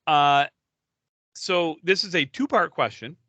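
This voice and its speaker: A man's voice: on the high side, very animated, normal speed, pushed and bright, no echo. A man co-hosting a podcast, bantering casually in an exasperated, joking way. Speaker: podcast co-host.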